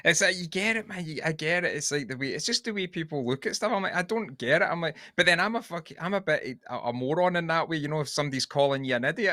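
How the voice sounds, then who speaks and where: A man's voice: a little high, expressive, quick pace, hardly any pauses, bright, forceful tone, no room sound, studio quality. A Scottish man co-hosting a podcast, rambling and sweary in casual chat. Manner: rambling and sweary, with many restarts. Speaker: podcast co-host.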